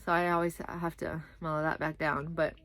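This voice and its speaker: A woman's voice: sits low, little pitch movement, fairly quick, fairly bright tone, no room sound. A young woman chatting casually in a rambling vlog, sleepy and often saying "like I said" as she drifts between topics. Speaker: vlogger.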